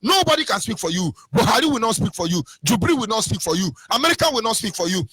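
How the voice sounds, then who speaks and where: Fiery Nigerian man, high lively voice. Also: quick pace, a little hiss or hum. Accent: Nigerian English. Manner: fiery, repetitive chanting, swings from shouting to mock whispers. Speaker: radio presenter. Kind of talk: impassioned political monologue.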